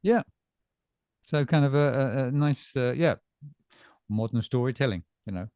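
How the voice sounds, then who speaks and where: A middle-aged man co-hosting a casual bookstore chat, talking in halting bursts with lots of fillers and repeated words. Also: medium pitch, warm tone, smooth. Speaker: bookstore staff co-host.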